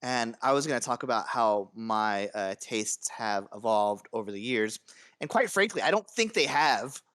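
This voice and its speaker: A man co-hosting a casual podcast chat, talking in a halting way full of fillers and restarts, with casual swearing. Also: medium pitch, animated, a bit bright, smooth, no room sound, studio quality. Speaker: podcast co-host.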